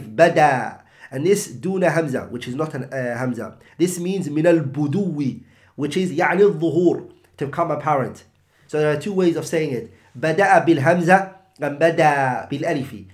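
A man's voice: on the high side, animated, fairly quick, darkish tone. A man teaching an Islamic text, explaining in English with Arabic terms and rhetorical questions.

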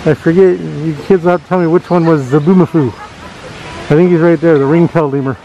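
Outdoors at a zoo, a man with a gravelly, warm, highish voice vlogs casually, joking and chatting to his viewers at a fairly quick, steady clip. The recording is rough, with some chatter in the background.

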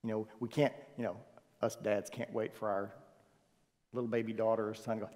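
A male pastor preaching a sermon, swinging from loud emphasis to soft, hushed phrases. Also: fairly low pitch, flat delivery, fairly quick. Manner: swings from loud emphasis to near-whispered softness. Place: church sanctuary. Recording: long reverb of a church hall.

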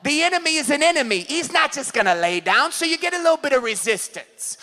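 High-pitched, bright-voiced preacher man. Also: very animated, fast talker, hardly any pauses. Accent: Californian. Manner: impassioned preaching, shouting and acting out scenes. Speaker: pastor. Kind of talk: sermon. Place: church service.

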